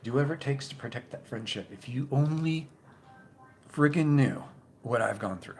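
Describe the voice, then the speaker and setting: A man hosting a casual live stream, reading viewer comments and chatting in a rambling, halting way, repeating his words. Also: mid-range voice, animated, slight background noise. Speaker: YouTube channel host.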